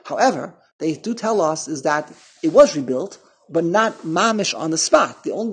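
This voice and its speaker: A man's voice: sits high, slightly rough. A man teaching a line-by-line text study. He reads passages with a pronunciation, explains them in English, and often stops to repeat words. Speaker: Torah teacher.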